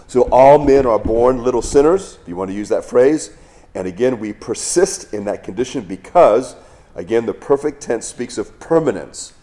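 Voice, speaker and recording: A man's voice: mid-range voice, dark tone. Rambling, folksy middle-aged man teaching. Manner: rambling, folksy storytelling with frequent restarts. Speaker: preacher or Bible teacher. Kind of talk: conversational Bible teaching.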